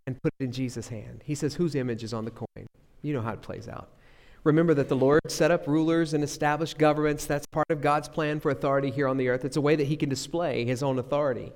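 Dynamic preacher in an echoey hall. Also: male voice, a little high. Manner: dynamic preaching, swings between loud emphasis and quiet asides. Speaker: pastor. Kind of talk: sermon. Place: church sanctuary.

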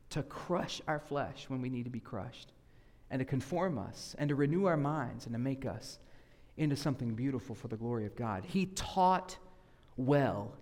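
A man with a Southern US accent preaching a sermon as a guest preacher, conversational and animated, acting out voices he quotes. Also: medium pitch. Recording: echoey hall reverb.

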